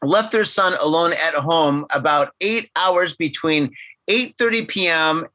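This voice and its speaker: A man hosting a podcast who jokes excitably, laughs often and reads news stories aloud. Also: on the high side, unhurried, no echo. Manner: excitable, joking, laughs often, does silly voices. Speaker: podcast host. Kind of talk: casual podcast banter.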